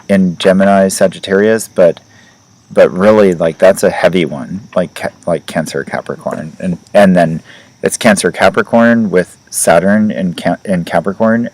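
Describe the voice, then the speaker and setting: A man with a very low voice hosts a casual podcast chat. He rambles loosely and fills his sentences with "like" and "you know". Light laughs come between his points. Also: darkish tone, low-quality recording. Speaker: astrology podcast host.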